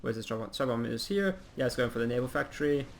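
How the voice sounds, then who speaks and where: A man with a gravelly voice gives casual, rambling play-by-play commentary on a strategy game. He talks in a chatty, easygoing way, full of ums and uhs, and now and then pokes fun at himself. A faint hiss sits under the voice. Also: medium pitch, animated, fast talker. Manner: self-mocking humor. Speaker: game caster.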